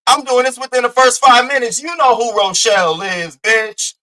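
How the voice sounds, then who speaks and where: A man's voice: very high voice, fairly even intonation, normal speed, sharp tone, rough recording. A young man hosting a livestream, delivering brash, profane, taunting trash talk at a rival. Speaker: live-stream host. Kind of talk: heated livestream rant.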